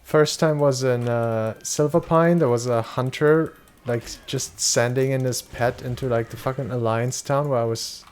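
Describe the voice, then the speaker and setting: A man's voice: mid-range voice, fairly even intonation, moderate pace, hardly any pauses, darkish tone, clean tone. A young German man chatting loosely with his viewers while playing a game, swearing casually and answering chat questions. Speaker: streamer. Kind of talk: casual live-stream chat.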